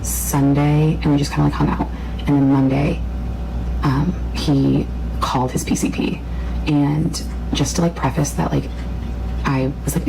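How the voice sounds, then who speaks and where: A woman's voice: low-pitched, steady tone, normal speed, creaky, background noise. A woman speaking in a confessional vlog, rambling with lots of "like" fillers. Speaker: video diarist.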